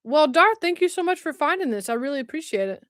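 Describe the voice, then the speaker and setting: A woman's voice: high-pitched, animated, fast talker, fairly bright tone, no room sound, studio quality. A woman, chatting casually on a livestream and reacting to viewer comments while unboxing. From West Tennessee, US. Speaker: livestream host. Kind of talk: casual live-stream chat.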